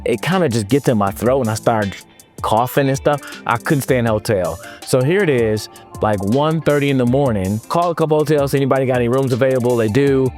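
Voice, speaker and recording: A man's voice: mid-range voice, darkish tone. A man from California, a motivational speaker telling a story to students in a casual, playful way, sometimes slipping into a sing-song delivery.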